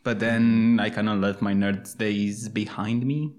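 Dry-humored Eastern European man, low voice. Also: fairly even intonation, measured pace, a little mellow. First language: not English. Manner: dry, rambling, searching for words. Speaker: podcast co-host. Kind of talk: casual podcast chat.

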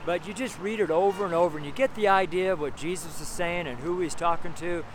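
A man's voice: sits high, fast talker. A man preaching a street sermon outdoors by a busy intersection, talking in an earnest, rambling way with many fillers and restarts. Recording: noisy street recording with traffic. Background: loud traffic noise.

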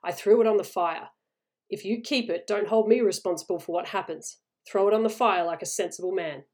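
A woman's voice: medium pitch, brisk, darkish tone, lightly acted. Lady doing a solemn old soldier guy, grim and warning, storybook reading. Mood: grave. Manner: serious, warning tone. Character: grave older male soldier, haunted and solemn.

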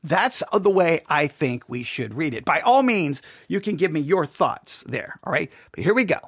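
A man giving an informal Bible study talk, animated, acting out quoted lines with rising emphasis and conversational restarts. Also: fairly high pitch, moderate pace, slightly rough, no echo, studio quality. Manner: animated, voices God's words with rising emphasis. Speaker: Bible teacher.

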